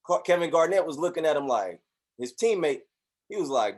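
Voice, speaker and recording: A man giving a motivational talk, preachy and animated, acting out voices in his stories. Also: medium pitch, normal speed, long pauses. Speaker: motivational speaker.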